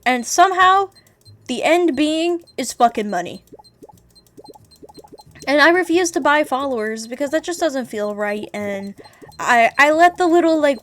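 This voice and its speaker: Chatty woman streamer, a little high. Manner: candid, rambling, swears freely. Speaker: VTuber streamer. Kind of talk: casual livestream chat.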